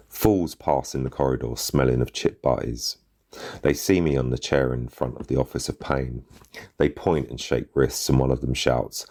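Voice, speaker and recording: Very deep husky male storyteller. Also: mellow. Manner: gritty street slang, bitter. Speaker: narrator. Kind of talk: first-person short story reading.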